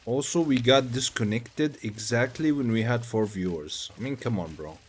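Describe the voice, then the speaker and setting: A man's voice: medium pitch, normal speed, slight background noise. A man from Tunisia, chatting casually and profanely on a game livestream. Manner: loose, profane, rambling storytelling. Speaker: game streamer.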